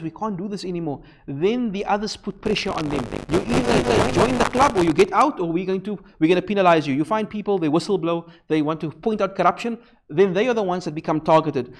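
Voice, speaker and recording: A man giving a Ramadan lecture in a mosque, earnest, reciting Arabic verses and explaining them. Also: on the high side.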